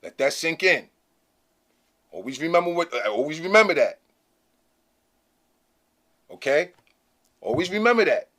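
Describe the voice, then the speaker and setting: A man's voice: on the high side, big pitch swings, measured pace, pauses often, bright, forceful tone. A man hosting his own channel, talking casually to camera in a blunt, slangy, emphatic way that keeps checking in with "okay?". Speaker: channel host.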